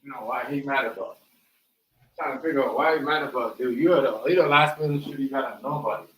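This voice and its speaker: A man's voice: medium pitch, quick pace, fairly bright tone. A man co-hosting a casual chat, talking loosely and slangily, mostly agreeing and adding his own takes. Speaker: co-host. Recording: distant, roomy mic.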